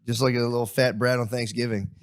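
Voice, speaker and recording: A young man chatting on a comedy podcast in a casual, joking way. He tells stories in bursts and slips into voices of the people he describes. His voice sits at an ordinary pitch. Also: fast. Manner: animated storytelling with mimicked voices of others. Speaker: podcast co-host.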